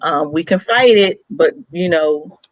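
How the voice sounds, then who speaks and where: A young adult woman co-hosting a radio talk show speaks in a low voice, a little slowly, on a muffled recording with no echo. She tells a personal story bluntly, with heartfelt emphasis and some swearing.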